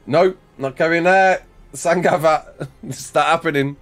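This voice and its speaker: A man's voice: on the high side, a little slow, a bit bright. A man with a Black Country accent in his thirties, chatting casually on a game livestream, reading out chat and thanking donors with a self-mocking humour. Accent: Black Country English. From Black Country, England.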